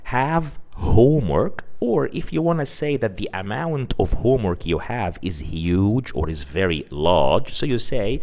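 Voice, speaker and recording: Low-voiced man teaching English, lively intonation. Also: unhurried, few pauses. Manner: patient, repeats example phrases. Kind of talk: explanatory lesson.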